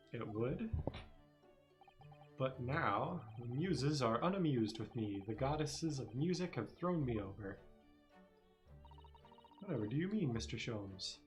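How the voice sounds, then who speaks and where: Brief: man voicing a theatrical gloomy detective, grandiose and unhurried. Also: medium pitch. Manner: grandiose, mournful, overwrought delivery. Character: melodramatic eccentric male detective, theatrical and gloomy. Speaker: streamer voicing game characters.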